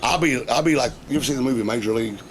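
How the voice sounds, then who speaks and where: A middle-aged man, a wrestling veteran telling profane, animated stories in a casual interview. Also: medium pitch, very fast. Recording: noisy background.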